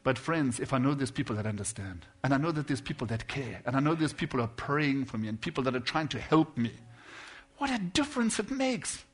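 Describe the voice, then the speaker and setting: A man preaching a sermon, earnest and personal, dropping to quiet intimate lines and then rising into loud, emphatic bursts. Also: medium pitch, big pitch swings, fairly quick, breathy edge.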